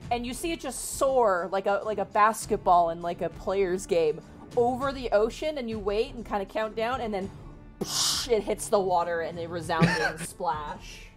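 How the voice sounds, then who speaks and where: A woman's voice: mid-range voice, animated, normal speed, soft background music. A woman narrating as game master of a tabletop game, chatty and laughing between lines.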